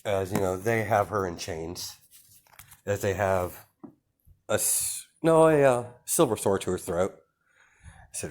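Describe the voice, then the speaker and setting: A man's voice: deep voice, takes it slowly, pauses often, a little mellow. A man improvising a fan-fiction story, narrating hesitantly with many fillers and restarts.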